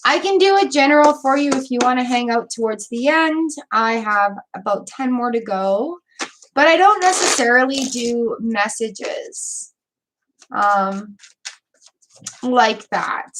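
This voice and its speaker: A woman's voice: sits high, animated, slow, noisy background. A woman giving tarot card readings on a live stream, encouraging and chatty, repeating words and using fillers as she goes. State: hiccups. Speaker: tarot reader.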